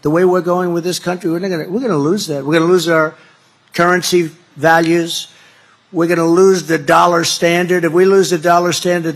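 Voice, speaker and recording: A man giving a campaign speech at a rally, rambling and repeating himself, building to loud emphatic declarations. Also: fairly high pitch. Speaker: political speaker at a rally.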